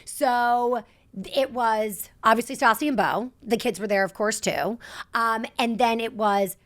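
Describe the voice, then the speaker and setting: A woman in her thirties co-hosting a podcast, talking in a rambling, animated rush. Her voice sits a bit high, and she packs her sentences with "like" and restarts. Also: a little slow. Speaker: podcast co-host. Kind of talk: casual chat.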